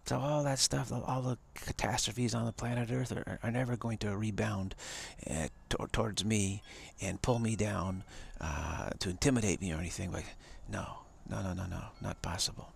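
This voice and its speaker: A man with a gravelly, husky, low voice gives a live spiritual talk. He talks emphatically, repeats phrases and chuckles often between points. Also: fairly even intonation, moderate pace, few pauses.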